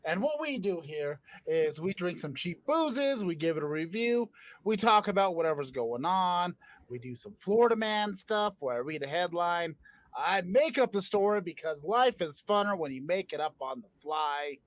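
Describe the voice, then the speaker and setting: A man's voice: high voice, animated, moderate pace, no room sound. A man hosting a casual comedy drinking podcast, joking and playfully overselling his lines. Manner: playful, jokey, hammy overselling. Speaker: podcast host. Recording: dry close sound.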